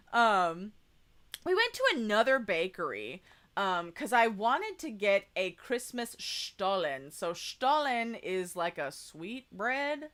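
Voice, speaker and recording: A woman's voice: mid-range voice, big pitch swings, takes it slowly, fairly bright tone. A young woman chatting casually in a travel vlog voice-over, rambling with lots of fillers. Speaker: vlogger.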